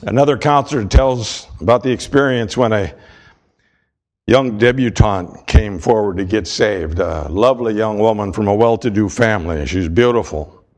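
A man preaching a sermon with emphatic, deliberate delivery and dramatic pauses. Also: on the low side, a little mellow.

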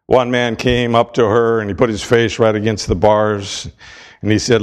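A man preaching a sermon with emphatic, deliberate delivery and dramatic pauses. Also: fairly low pitch, flat delivery.

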